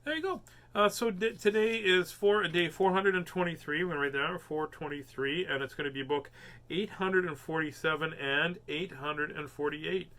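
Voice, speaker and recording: A man's voice: a little high, moderate pace, pushed and bright. A man hosting a home reading show, chatting casually with lots of jokes and fillers. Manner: rambling, jokey, many fillers. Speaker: host reading children's books. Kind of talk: casual chat.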